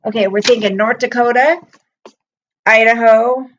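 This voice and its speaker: A woman's voice: fairly high pitch, fairly even intonation, measured pace, dull audio. A middle-aged woman chatting casually with viewers on a livestream, rambling through personal stories in an emotional way. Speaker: livestream host.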